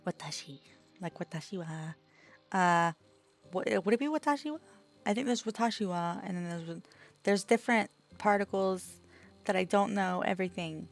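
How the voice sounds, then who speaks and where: A woman's voice: medium pitch, normal speed, gravelly, faint music behind. A woman with an Australian accent streaming a game, reading lesson text aloud and chatting between lines. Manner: reads lesson text aloud, laughs and chats with partner.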